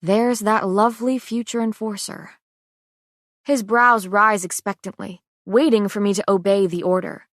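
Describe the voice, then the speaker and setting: A woman's voice: mid-range voice, fairly even intonation, unhurried, no room sound, studio quality. Woman narrating a fantasy audiobook. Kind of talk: scripted first-person audiobook narration.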